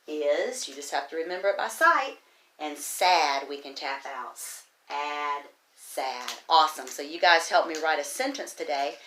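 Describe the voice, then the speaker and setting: Slow encouraging kindergarten teacher, roomy echo. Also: female voice, low-pitched, lively intonation, fairly bright tone. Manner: slow, encouraging, sounds out words letter by letter. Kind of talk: virtual phonics lesson.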